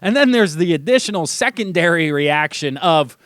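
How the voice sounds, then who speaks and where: Brief: young male sports radio host, high-pitched, animated, mocking, dry studio sound. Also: normal speed, dry recording. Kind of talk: casual sports talk monologue.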